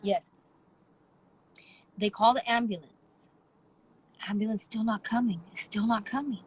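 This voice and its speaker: A woman in her thirties hosting a podcast, telling a story in casual chat with emphatic, animated delivery. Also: a little high, measured pace, slightly rough, poor audio. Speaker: podcast host.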